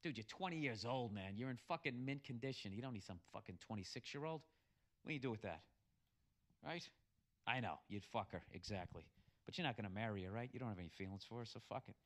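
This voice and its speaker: A fairly low, expressive male voice rattles off a crude, comic bar story at a fast pace, mixed with blunt advice. Loud and crude, he swears a lot in this profane comedic storytelling.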